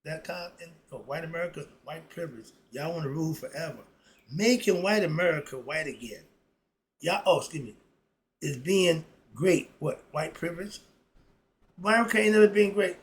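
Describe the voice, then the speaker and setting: A man's voice: fairly high pitch, moderate pace, rough recording. A man giving a solo opinion monologue as a philosophy commentator, ranting in a heated, sarcastic and rambling way with lots of repetition.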